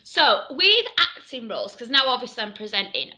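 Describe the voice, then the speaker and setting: A woman's voice: a little high, big pitch swings, normal speed, sharp tone. A woman actor and presenter chatting animatedly as an interview guest. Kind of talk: casual interview chat.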